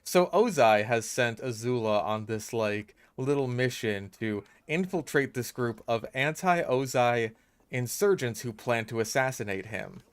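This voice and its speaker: A man of middle pitch doing gaming commentary as a voice-over. He rants in an exasperated, sweary way, breaking off his sentences and starting again, with a steady stream of "like". It is casual, fed-up venting over gameplay. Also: clear, resonant tone. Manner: halting, restarts with lots of "like". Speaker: gaming YouTuber.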